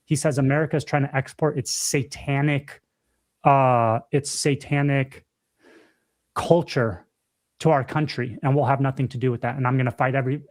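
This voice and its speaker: A young man in casual podcast chat, pressing his points hard and saying them twice. He drops dude and bro as he goes, with an ordinary middle pitch. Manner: emphatic, repeats himself, says dude and bro. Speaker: podcast co-host.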